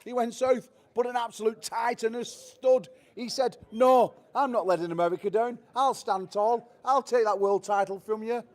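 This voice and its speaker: A brash man hosts a press conference and hypes up the fighters in a noticeably high voice. He jokes and swears freely while he banters with the guests. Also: moderate pace, few pauses. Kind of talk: hype introductions and banter.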